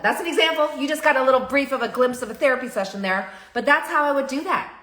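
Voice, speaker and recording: A woman therapist hosting a live stream, talking in an animated, chatty way and often stopping to restart her sentences. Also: sits high, fast talker. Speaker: therapist and show host. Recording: roomy echo.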